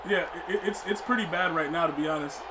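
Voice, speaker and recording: A man's voice: a little high, fast, very noisy. A young man streaming a football video game, rambling in casual commentary, laughing a lot and repeating catchphrases. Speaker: gaming streamer. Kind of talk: casual live gameplay commentary.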